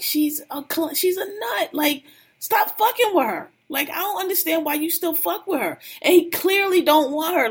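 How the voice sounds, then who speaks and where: A woman co-hosting a casual podcast, gossiping bluntly about reality TV with lots of slang and laughter. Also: high-pitched. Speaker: podcast co-host.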